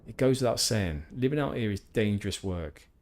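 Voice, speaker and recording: A man's voice: on the low side, lively intonation, normal speed, a little mellow, pitched above the performer's own voice, close to an everyday voice. Man doing a weary camp hunter. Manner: matter-of-fact quest-giver reading. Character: hardy male camp hunter, weary and practical.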